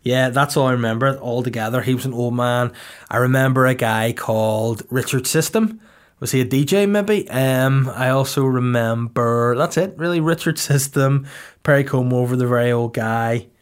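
A man's voice: mid-range voice, moderate pace, clean tone. Rambling, crude man podcasting. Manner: rambling, crude, laughs often. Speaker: podcast co-host. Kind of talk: casual comedic podcast chat.

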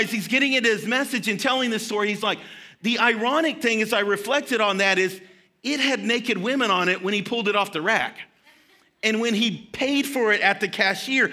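A man preaches to his church, his voice sitting high and ringing very bright. He tells a long story in an animated way, acting out what each person said. It is relaxed, conversational preaching from the pulpit. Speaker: pastor. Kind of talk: sermon. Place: church sanctuary.

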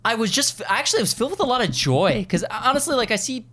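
A man co-hosting a casual chat show, excitable and animated, talking fast with many restarts. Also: very high-pitched. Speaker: podcast co-host.

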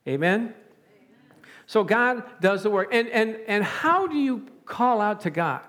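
Male preacher with a high voice, lively delivery, frequent laughs and calls of "amen?". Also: a little slow. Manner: animated, chuckling, calling out "amen?" to the congregation. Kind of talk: sermon.

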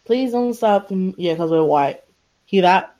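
Slow-talking giggly woman, playful teasing. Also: fairly low pitch, lively intonation, mellow. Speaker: podcast co-host. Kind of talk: casual chat.

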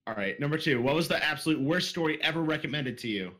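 Bright, animated male podcast host. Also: on the high side, fast talker. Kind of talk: reading listener questions.

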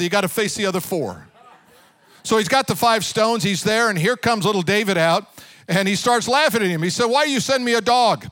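A man preaching a sermon, telling a Bible story with lively asides and putting direct questions to his congregation. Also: high voice, no room sound, studio quality. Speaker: pastor.

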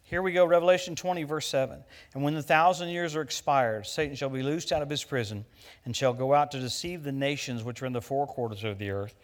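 A middle-aged man from the United States preaching a sermon, telling stories in an animated way that turns loud at the punchlines. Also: medium pitch, a little fast. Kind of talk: sermon with personal story.

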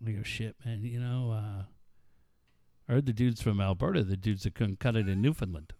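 A man's voice: on the low side, normal speed, warm tone, no room sound, studio quality. A middle-aged man co-hosting a radio show, telling stories in casual banter, swearing freely and laughing as he goes. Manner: storytelling, swearing a lot, laughing.

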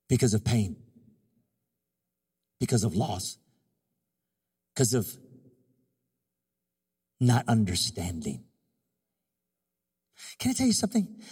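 Man, 50s, pastor; lively sermon delivery, breathy tenor edge. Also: medium pitch, big-room sound. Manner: animated, joking preacher who acts out little scenes.

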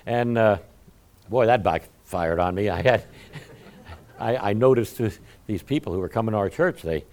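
A man's voice: on the low side, moderate pace. A male pastor giving a conversational sermon, joking about himself and speaking straight to his congregation. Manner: animated, humorous, self-deprecating storytelling; talks to the congregation directly.

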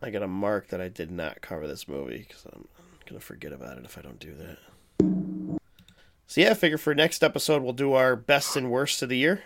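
A man's voice: fairly low pitch, brisk, gravelly, fairly bright tone. A man hosting a podcast in casual chat, laughing often and swearing freely. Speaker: podcast host.

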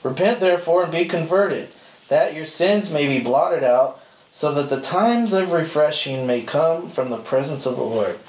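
A man's voice: on the high side, animated, measured pace, a little mellow. A man giving an informal sermon, telling stories in a conversational way and laughing often. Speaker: speaker teaching a church group. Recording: roomy hall with faint ambience.

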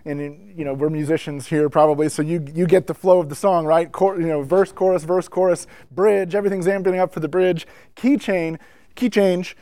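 A man with a slightly raised pitch gives a relaxed teaching talk to a room of church musicians. He tells stories full of asides and builds toward the big moments. The sound is close and dry. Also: normal speed, clear, resonant tone, no echo. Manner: storytelling, frequent asides, builds up excitement. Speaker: speaker addressing church musicians. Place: indoor room with a whiteboard.

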